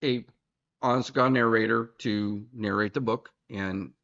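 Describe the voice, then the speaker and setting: A man's voice: fairly low pitch, fairly even intonation, unhurried, gravelly, a bit bright. A man co-hosting a podcast in casual chat, rambling and teasing, with lots of restarts, on a slightly dull recording. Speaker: podcast co-host. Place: recording room in Boston.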